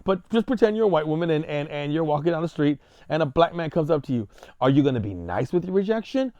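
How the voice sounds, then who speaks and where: A man hosting his own vlog, ranting in a blunt, crude, provocative monologue with sudden jumps in pitch. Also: very animated, fast, a little mellow, dry recording, dull audio. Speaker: vlog host.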